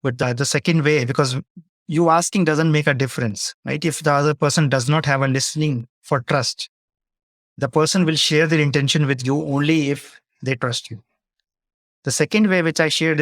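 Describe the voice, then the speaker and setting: A man's voice: fairly high pitch, a bit bright, no room sound, clean studio sound. A man speaking as a leadership coach, answering audience questions in a webinar and explaining his points through example dialogues.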